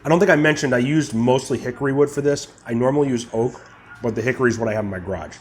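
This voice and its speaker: A young man with a mid-range voice hosts his barbecue channel in a casual cooking vlog. He chats easily as he tastes and reviews brisket, sometimes talking with his mouth full.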